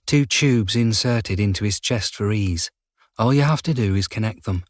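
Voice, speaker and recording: A man voicing a calm female nurse who talks in a matter-of-fact way. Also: fairly low pitch, moderate pace, dry recording, clean studio sound, close to an everyday voice. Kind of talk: audiobook character voice.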